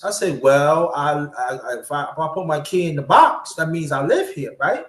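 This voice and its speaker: A man telling a personal story on a casual podcast, animated and swearing freely. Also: on the high side, normal speed, hardly any pauses. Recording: roomy echo.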